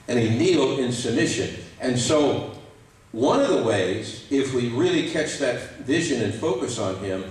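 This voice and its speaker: A man preaching a sermon as pastor, animated and acting out quoted voices. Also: mid-range voice, measured pace. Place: church sanctuary. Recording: echoey church hall, mic at a distance.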